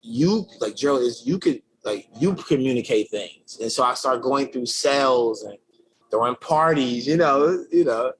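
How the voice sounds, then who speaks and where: Male interview guest, mid pitch, easygoing and energetic storyteller, slangy with lots of fillers. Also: measured pace, poor audio. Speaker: podcast guest, creative director. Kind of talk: casual conversational storytelling.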